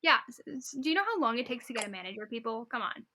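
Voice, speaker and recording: A woman's voice: fairly high pitch, very animated, quick pace, bright, forceful tone, slight background noise. A woman co-hosting a podcast, reading stories aloud and chatting with an emphatic, exasperated manner. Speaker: podcast co-host.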